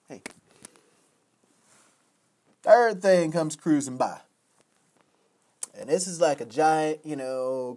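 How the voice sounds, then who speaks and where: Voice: mid-range voice, mellow. A storyteller telling a long joke in a casual, rambling way, full of "you know" and "whatever".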